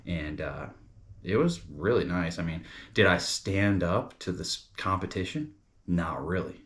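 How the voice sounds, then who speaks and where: Deep-voiced young dude from new york, rambly comedy review chat. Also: male voice, expressive, measured pace, a bit bright. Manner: rambling, casual, says "bro" and "dude".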